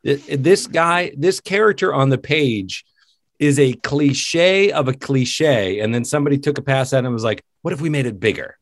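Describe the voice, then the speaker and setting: A man co-hosting a podcast, talking about a film in casual chat, animated and mocking, laughing often. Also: mid-range voice, moderate pace, no room sound, studio quality. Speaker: podcast co-host. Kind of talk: casual movie review chat.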